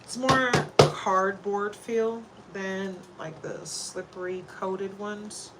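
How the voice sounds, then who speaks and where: A woman's voice: medium pitch, steady tone, slow pace, heavy background noise. A woman in her forties, an oracle card reader talking candidly on a home livestream and laughing often. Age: 40s. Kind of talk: casual livestream talk.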